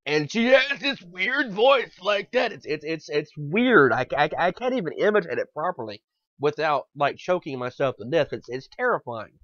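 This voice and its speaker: A man's voice: fairly high pitch, lively intonation, moderate pace, a bit bright, dry recording. A man co-hosting a podcast in a casual rant; he is exasperated, swears a lot and repeats his words. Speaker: podcast co-host. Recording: dull lo-fi podcast audio.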